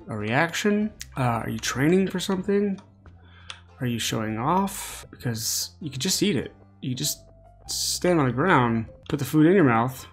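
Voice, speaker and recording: A tired man hosting a relaxed gameplay commentary, sassy and rambling with joking asides. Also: mid-range voice, vocal fry. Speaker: let's play host.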